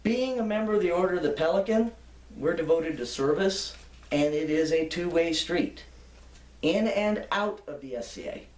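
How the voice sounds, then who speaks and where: A woman's voice: lowish voice, animated, moderate pace, darkish tone, distant mic. Older woman, chatty storyteller, echoey room. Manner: chatty, anecdotal, laughs easily. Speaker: interviewee. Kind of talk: reminiscing storytelling.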